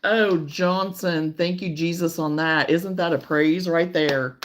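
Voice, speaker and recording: A woman hosting a casual crochet livestream, chatting warmly and reading out viewer comments, sometimes close to tears. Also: fairly low pitch, fairly even intonation, a little slow, heavy background noise. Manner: warm, emotional, reads viewer comments aloud.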